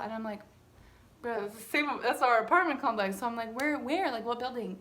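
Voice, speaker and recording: A young woman vlogger telling a story in casual chat, animated and swearing freely as she dramatizes it. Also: a little high, brisk.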